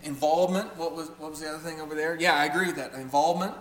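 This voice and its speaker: High-voiced man teaching in an echoey room. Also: steady tone, racing. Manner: chatty, keeps checking in with the audience. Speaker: Bible teacher. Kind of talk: conversational Bible teaching to a group. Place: room with a live audience. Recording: roomy echo with faint hum.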